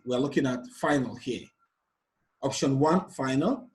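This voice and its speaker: Guy teaching exam revision, patient, repeats each answer, medium pitch. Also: normal speed, low-quality recording. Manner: patient, repetitive explanation. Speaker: English teacher.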